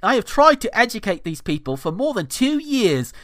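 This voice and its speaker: A man's voice: high voice, very animated, moderate pace, no room sound, clean studio sound, pitched above the performer's own voice. A man voicing an indignant young vegan bride in a shaky attempted Australian accent, whiny and self-righteous. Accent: attempted Australian woman.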